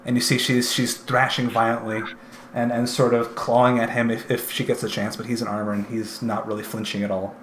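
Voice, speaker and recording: A man narrates a tabletop game as its game master, in a relaxed, halting manner that pauses on fillers. His pitch sits at a middling height for a man. The recording carries a roomy echo with a faint hiss behind it.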